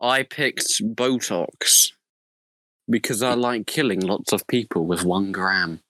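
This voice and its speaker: A man's voice: lowish voice, slow pace, sharp tone, dry recording, rough recording. A young man chatting casually, who laughs a lot and rambles. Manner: giggly, laughs often, rambling. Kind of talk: casual chat.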